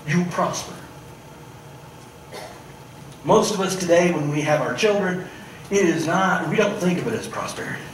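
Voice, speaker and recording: A male pastor preaching a sermon, swinging between loud, animated stretches and hushed, pointed asides. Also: a little high, normal speed, pauses often, a little hiss or hum. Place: church sanctuary. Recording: echoey church room, mic at a distance.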